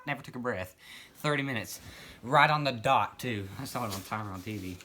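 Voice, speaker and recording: A man playing a grandfather who rambles through an absurd tall tale in a meandering, deadpan way. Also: mid-range voice, a little fast, slight background noise, close to an everyday voice, low-quality recording. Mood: rambling. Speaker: comedic storyteller. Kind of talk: improvised comedy monologue.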